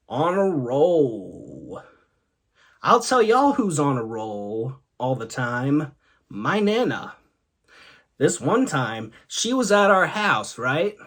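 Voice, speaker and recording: A man's voice: fairly high pitch, fairly bright tone. A young man hosting a comedy show, telling goofy family stories and laughing along with them. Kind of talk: comedic storytelling monologue.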